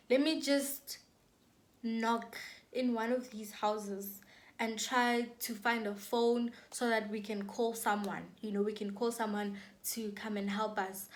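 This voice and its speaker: A young South African woman telling a dramatic storytime on her vlog, with lots of repetition and acted-out quotes. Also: a little high. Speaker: YouTuber.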